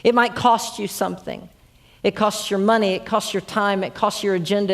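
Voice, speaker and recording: A woman preaching a narrative sermon, earnest and full of repeated restarts. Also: medium pitch. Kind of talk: storytelling sermon.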